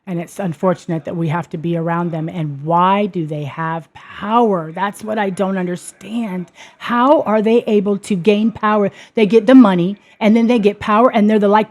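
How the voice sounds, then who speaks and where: A woman's voice: medium pitch, fairly even intonation, normal speed, hardly any pauses, darkish tone. A woman hosting her own show, telling a personal story in an earnest way that turns emphatic and heated. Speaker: podcast host. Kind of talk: personal testimony monologue.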